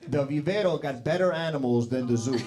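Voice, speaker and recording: A man's voice: mid-range voice, a little fast, noisy background. A man doing a crude, crowd-teasing stand-up set on a studio stage. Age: 40s. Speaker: stand-up comedian. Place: TV studio stage with live audience.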